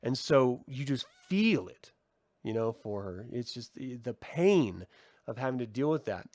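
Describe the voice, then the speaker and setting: A man giving a casual review of a TV episode, excitable and gushing, swearing freely and filling his talk with "like". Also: mid-range voice, unhurried, dry recording, clean studio sound. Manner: excitable, swears, many "like" fillers. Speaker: TV series reviewer. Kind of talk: casual video review commentary.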